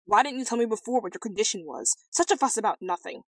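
A woman voicing a hot-tempered, blustering old king in a storybook reading, with loud huffy outbursts. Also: on the high side, expressive, quick pace, no room sound. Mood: angry.

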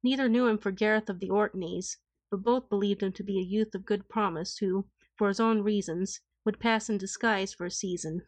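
A woman narrates an old tale in a calm, formal, steady voice. She is recorded close and dry, with a mid-range pitch. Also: moderate pace, no room sound. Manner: calm, even, formal reading. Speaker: audiobook narrator. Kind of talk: scripted storybook narration.

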